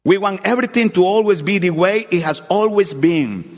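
A middle-aged man preaching an earnest sermon with personal testimony, often repeating words and swinging between loud and hushed. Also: sits high, animated, normal speed. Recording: long hall reverb.

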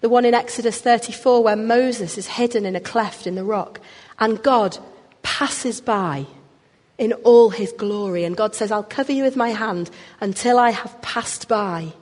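A woman's voice: medium pitch, darkish tone. A woman preaching a sermon. She talks expressively and pushes harder on the key words. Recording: long hall reverb.

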